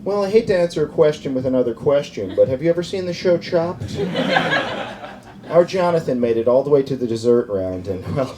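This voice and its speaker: Lively stand-up comic, man. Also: mid-range voice, a little fast, very noisy. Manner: animated, puts on voices and accents for bits. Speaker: stand-up comedian. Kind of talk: stand-up comedy set. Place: comedy club stage. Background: faint crowd laughter.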